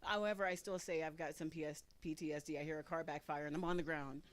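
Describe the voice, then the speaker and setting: A woman's voice: sits low, fairly even intonation, quick pace, a little hiss or hum. A woman in her forties doing a stand-up comedy set on a live stage, with a brash, profane, punchy delivery. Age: 40s.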